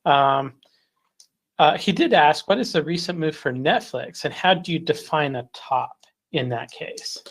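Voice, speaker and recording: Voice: mid-range voice, lively intonation, measured pace. A webinar moderator reading viewer questions to the presenter in a friendly, slightly hesitant way.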